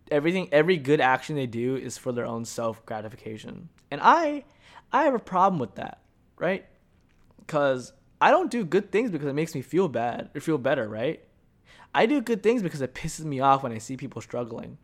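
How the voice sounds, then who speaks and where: A man's voice: medium pitch, very animated, moderate pace. A young man hosting a solo podcast, telling stories in a rambling, profane, joking way. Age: young adult. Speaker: podcast host. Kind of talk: casual solo podcast monologue.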